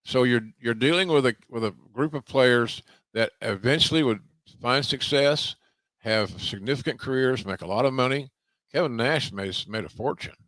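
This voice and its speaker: An older man hosting a podcast, talking casually about wrestling in a halting way with many restarts and slow, emphatic phrases. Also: mid-range voice, a bit bright, dry recording. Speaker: podcast host, wrestling commentator.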